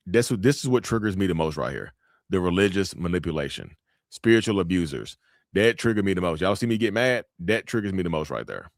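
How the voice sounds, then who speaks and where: A man's voice: low-pitched, very animated, brisk, dry recording, studio quality. A man chatting casually on a livestream, reacting to viewer comments in a blunt, emphatic way that repeats phrases for effect.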